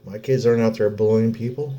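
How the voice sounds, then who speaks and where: Tearful, cursing dad. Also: male voice, fairly low pitch, fairly even intonation, dark tone. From Oklahoma. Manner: blunt, heavy swearing, halting pauses. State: close to tears. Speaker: vlogger, father. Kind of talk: emotional personal vlog.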